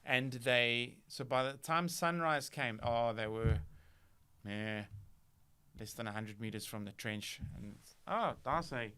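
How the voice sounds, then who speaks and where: A man's voice: mid-range voice, takes it slowly, pushed and bright, clear, resonant tone. A man hosting a casual podcast chat, rambling and teasing with many restarts. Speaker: podcast host.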